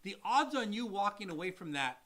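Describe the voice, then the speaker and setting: A man's voice: high-pitched, sing-song, fairly quick, pushed and bright. A man working as a mortgage loan officer, co-hosting a casual live Q&A and explaining loans with acted-out examples and repeated phrases.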